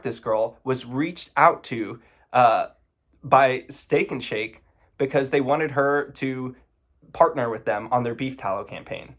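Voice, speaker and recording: A man giving casual commentary, sarcastic and indignant, often breaking into exasperated outbursts. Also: mid-range voice.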